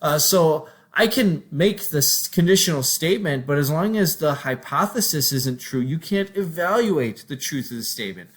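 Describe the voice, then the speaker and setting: A man's voice: fairly high pitch, lively intonation, moderate pace, few pauses, fairly bright tone. A male teacher explaining a math lesson in a conversational way, thinking aloud through examples.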